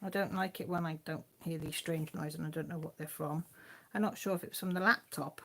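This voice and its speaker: During a casual live stream at home, filmed by phone, a woman who hosts a crafting channel rambles to viewers and her dog. Her voice sits low with a steady tone and a slightly quick pace, and there is a little hiss or hum in the audio.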